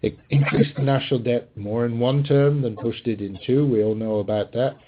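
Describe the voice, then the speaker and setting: A man's voice: medium pitch, steady tone, normal speed. A man hosting a political commentary podcast, combative and sarcastic, talking with frequent fillers and restarts. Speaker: podcast host. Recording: tinny phone-line sound with faint hiss.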